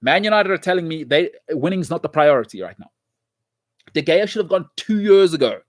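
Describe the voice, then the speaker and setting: A man with a somewhat raised pitch hosts his own show, lecturing the audience in an emphatic, repetitive way. His opinionated football commentary comes across dry and close, with no room sound. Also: dry recording. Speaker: show host.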